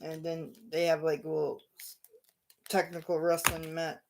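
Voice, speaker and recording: A man hosting his own show, narrating imagined wrestling action in a casual play-by-play, punctuated with loud sound-effect bursts. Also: fairly high pitch, completely flat delivery, normal speed, gravelly, a little hiss or hum. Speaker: show host.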